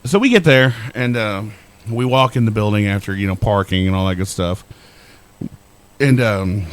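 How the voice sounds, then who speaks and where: A middle-aged man co-hosting a podcast, telling a rambling, profane, self-deprecating story in casual chat. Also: medium pitch. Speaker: podcast co-host.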